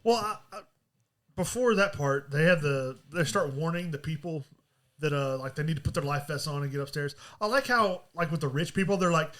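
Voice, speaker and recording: A man co-hosting a casual film podcast who laughs often and retells scenes in an animated way. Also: on the high side, a little fast. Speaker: podcast co-host.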